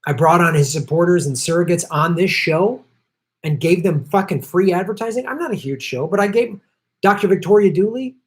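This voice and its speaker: A man's voice: sits high, expressive, brisk. A middle-aged man hosting a political commentary show, ranting angrily and emphatically, with frequent profanity and repeated lines. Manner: angry, profane, emphatic and repetitive.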